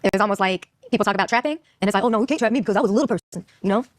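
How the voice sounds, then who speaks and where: Woman guest, rapid animated storyteller, dry recording. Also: medium pitch, no room sound. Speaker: guest telling her story. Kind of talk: casual conversation.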